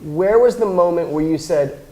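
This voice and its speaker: An earnest male host guides a relaxed interview with gentle follow-up questions. His voice sits a little higher than most men's. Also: normal speed, crowd noise, rough recording. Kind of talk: casual interview talk.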